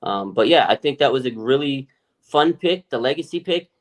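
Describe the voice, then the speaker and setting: A man co-hosting a podcast, chatting in a lively, casual way, swearing freely and acting out other people's voices. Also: mid-range voice, moderate pace. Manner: animated, swears freely, acts out quoted voices. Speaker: podcast co-host. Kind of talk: casual sports chat.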